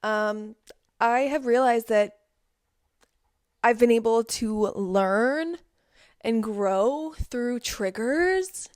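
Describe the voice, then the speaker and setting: A woman's voice: on the high side, extremely slow, pauses often, smooth, dry recording, studio quality. A young woman from the Southern United States talking casually in a vlog, with lots of "like" and "um". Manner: chatty, peppered with "like" and "um". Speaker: vlogger.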